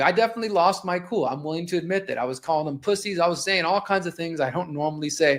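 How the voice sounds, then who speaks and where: Fired-up 40s guy hosting a live show, kinda high voice, talking through clips casually. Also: fast, few pauses. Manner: impassioned, conversational, narrating video clips. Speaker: host. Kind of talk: personal storytelling on a live show.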